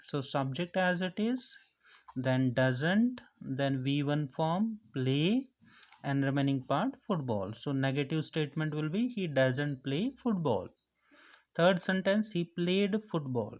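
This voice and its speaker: A man's voice: a little high, a little mellow. A man teaching a grammar lesson, explaining each step patiently and repeating the key phrases. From India.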